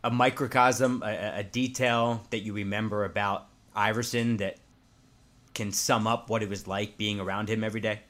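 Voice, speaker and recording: A man hosting a podcast, asking questions with slow, searching phrasing. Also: fairly low pitch, fairly even intonation, fairly bright tone. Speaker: podcast host. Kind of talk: interview questions.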